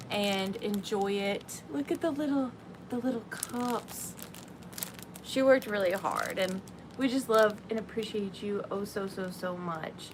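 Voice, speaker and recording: A woman with a slightly high voice chats through a live vintage sale from home. She is bubbly and effusive, quick to apologize and quick to gush. A faint hum of noise sits behind her. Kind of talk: live-stream sales chat.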